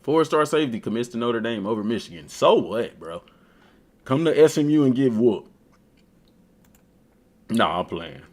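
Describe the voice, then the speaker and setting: A man's voice: mid-range voice, normal speed, pauses often. A man chatting casually and trash-talking as a gaming streamer. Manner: animated, trash-talking, slangy. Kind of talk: casual chat while browsing a game.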